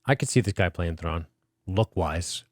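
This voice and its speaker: A man's voice: deep voice, lively intonation, a little slow, no room sound, clean studio sound. A man co-hosting a podcast, chatting casually and joking sarcastically. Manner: joking, sarcastic, swears freely. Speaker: podcast co-host. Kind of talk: casual chat.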